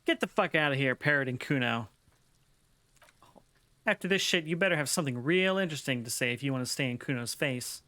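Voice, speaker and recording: A man's voice: mid-range voice, animated, brisk, sharp tone. A man voicing a foul-mouthed, cocky young boy who swaggers and talks about himself in the third person. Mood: scornful.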